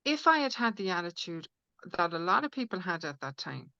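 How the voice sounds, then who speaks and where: A woman guest on a podcast, talking through her ideas in an earnest, rambling way full of fillers and restarts. Her voice has a gravelly fry to it. The recording sounds dry and a little dull. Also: fairly low pitch, very animated, fairly quick, bright, forceful tone, no echo. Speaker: guest, spiritual healer. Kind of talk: conversational podcast interview.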